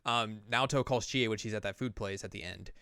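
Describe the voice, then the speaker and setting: A man's voice: on the low side, fast talker, a crowd in the background. A man co-hosting a podcast, casually recapping an anime episode and acting out the characters' lines with laughter. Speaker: podcast co-host.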